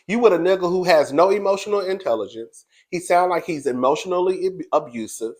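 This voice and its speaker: A man's voice: high-pitched, lively intonation, fairly quick, darkish tone. A man hosting a reality TV recap, talking in a brash, sassy, profane way and laughing often as he gossips. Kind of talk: casual gossip commentary.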